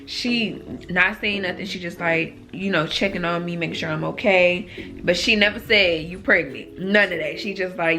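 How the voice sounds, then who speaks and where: A woman in her twenties telling a personal story to her viewers in a chatty, animated way, full of asides. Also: fairly low pitch, a little slow, soft background music. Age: 20s. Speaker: vlogger. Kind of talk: casual storytime.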